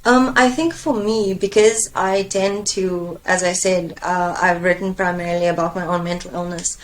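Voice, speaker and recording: A woman's voice: fairly low pitch, steady tone, moderate pace. Thoughtful woman poet, searching and reflective. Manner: thoughtful, searching, with fillers and self-questioning. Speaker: poet and engineer, coaching guest. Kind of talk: reflective conversation.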